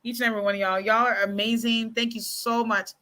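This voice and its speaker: This woman talks fast in a fairly high pitch, addressing the camera in a casual advice chat. Frank and chatty, she offers dating tips and lively stories full of asides, speaking to viewers as "y'all" and "ladies."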